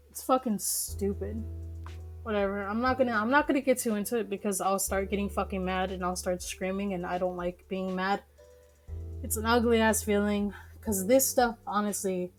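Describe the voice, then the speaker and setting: On a live stream, a young woman with a medium-pitched voice reads news articles aloud, tripping over words and cutting in with blunt, profane rants.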